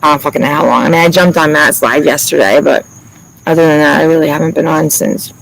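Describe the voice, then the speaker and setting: Gravelly, profane livestreamer man. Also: fairly high pitch, steady tone, fast, fairly bright tone, slight background noise, poor audio. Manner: rambling, profane, laughs often. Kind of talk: casual livestream chat.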